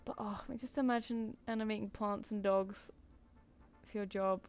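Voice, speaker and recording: A woman's voice: medium pitch, steady tone, moderate pace, a little mellow. A young woman chatting casually on her drawing stream, laughing often and swearing lightly. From United Kingdom.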